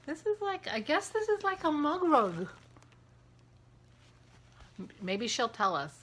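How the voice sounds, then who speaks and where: A woman hosting a casual vlog, chatty and excitable, gushing as she talks. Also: sits high, takes it slowly. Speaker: podcast host. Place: outdoors walking a dog, then indoors.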